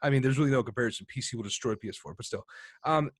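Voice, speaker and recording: A man's voice: mid-range voice, very fast, no echo, studio quality. A man co-hosting a casual podcast, arguing and joking with his friend and swearing freely. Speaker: podcast co-host.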